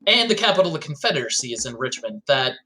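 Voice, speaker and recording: A man's voice: medium pitch, big pitch swings, racing, bright, forceful tone. A man chatting casually as a player in a tabletop game session, joking and explaining accents in a mock-lecturing way. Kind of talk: casual group chat over voice call.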